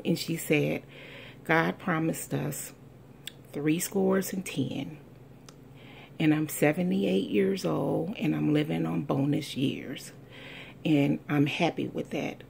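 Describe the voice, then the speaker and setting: A middle-aged woman from the United States giving an earnest, heartfelt testimony, telling a family story with slow, deliberate emphasis. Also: low voice, fairly even intonation, creaky, darkish tone, a little hiss or hum. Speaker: speaker sharing a personal testimony.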